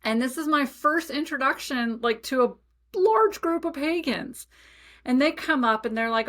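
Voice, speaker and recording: A young adult woman hosting a podcast, telling a personal story in a chatty, animated way with many asides. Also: fairly high pitch, normal speed. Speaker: podcast host. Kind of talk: casual storytelling monologue.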